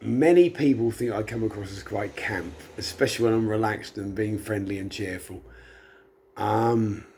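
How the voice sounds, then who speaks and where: A man's voice: on the low side, moderate pace, a little mellow, a little hiss or hum. A middle-aged man, tipsy, rambling chattily and self-deprecatingly in a casual monologue. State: tipsy from drinking. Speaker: vlogger.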